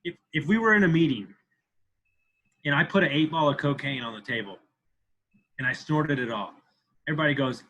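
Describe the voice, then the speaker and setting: A man's voice: on the high side, normal speed, pauses often, bright, forceful tone, a little hiss or hum, low-quality recording. A man in his thirties talking as a podcast guest, intense and profane, repeating himself for emphasis. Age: 30s. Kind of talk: candid interview talk.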